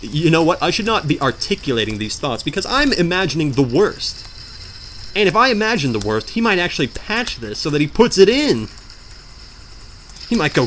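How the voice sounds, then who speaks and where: Playing a game, a young man rambles through let's play commentary, cracking jokes and breaking into melodramatic outbursts. He speaks at a moderate pace in a fairly high, fairly bright voice with big pitch swings, over slight background noise.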